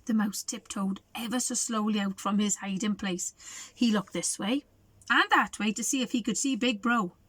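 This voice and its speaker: A woman's voice: mid-range voice, moderate pace, fairly bright tone, husky, no echo. A woman reading a picture book aloud to children, asking them coaxing questions. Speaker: storybook reader for children.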